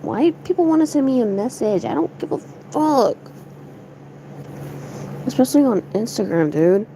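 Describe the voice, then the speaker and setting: A woman's voice: on the high side, very animated, moderate pace, mellow, slight background noise, low-quality recording. A young woman streamer chatting casually to her viewers, rambling, giggly and swearing a lot. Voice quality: gravelly fry.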